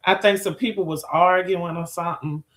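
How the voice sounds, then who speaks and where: Woman doing a late night live stream, sassy and cussing a lot, bright voice. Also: on the low side, steady tone, normal speed. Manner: sassy, profane, calls viewers girl, child, honey. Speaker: livestreamer chatting with viewers. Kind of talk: casual live-stream chat.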